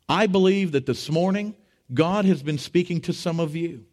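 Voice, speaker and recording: A pastor preaching with lively, sweeping delivery. His voice jumps up loud for emphasis, then drops low and quiet for earnest points. He tells stories with humor and acts out quotes. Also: moderate pace. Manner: animated preaching with swings between loud and hushed. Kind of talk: sermon.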